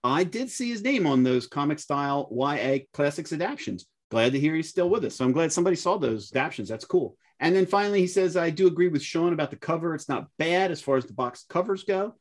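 A man's voice: on the high side, lively intonation, fairly quick, hardly any pauses. Chatty male podcast co-host reading letters. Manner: chatty, reads letters aloud with light laughs. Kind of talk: reading listener feedback.

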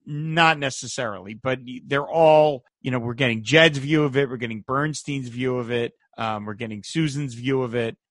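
Male podcast co-host, mid-range voice, dry booth sound, lively casual film chat. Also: medium pitch, moderate pace, hardly any pauses, no room sound. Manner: animated, acts out quoted voices.

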